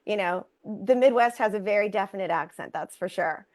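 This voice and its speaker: A woman's voice: mid-range voice, fairly quick. Laughing bilingual woman in her fifties. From Texas. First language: Spanish. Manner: laughs often, lively and self-deprecating. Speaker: co-host. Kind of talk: casual podcast chat.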